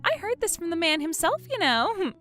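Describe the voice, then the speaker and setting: A woman's voice: extremely high pitch, big pitch swings, normal speed, a bit bright, soft background music, voice pushed up, full character voice. A woman voicing a brazen young mistress who mocks and laughs at the wife she has wronged. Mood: smug. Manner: laughs at others, sing-song and scornful. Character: brazen mocking young mistress, smug and taunting.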